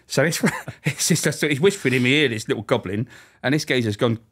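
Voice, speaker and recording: A man's voice: mid-range voice, fairly quick, few pauses, a bit bright. A middle-aged man, a podcast guest telling funny, sweary stories about his prison days and acting out the voices. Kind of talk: casual storytelling chat.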